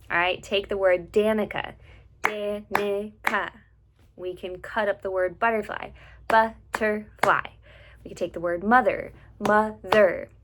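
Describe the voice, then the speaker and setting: A woman music teacher patiently explaining to students step by step, slowly singing out syllables and solfege notes as examples. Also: medium pitch, slight background noise. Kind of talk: instructional lesson to students.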